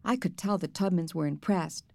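A woman's voice: lowish voice, moderate pace, vocal fry, mellow, no room sound. Woman reading a children's story. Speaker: audiobook narrator. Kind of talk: scripted first-person narration.

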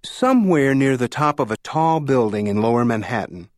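A man narrating a novel in a measured storytelling delivery. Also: mid-range voice, expressive, no room sound, clean studio sound. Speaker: audiobook narrator. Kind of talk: scripted narration.

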